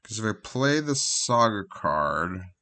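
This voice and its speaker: A man's voice: lowish voice, very animated, slow pace, pushed and bright. A man casually commentating his own card game on a live stream, thinking aloud in a loose, rambling way. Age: adult with a job. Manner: rambling, thinks aloud with fillers and trailing asides.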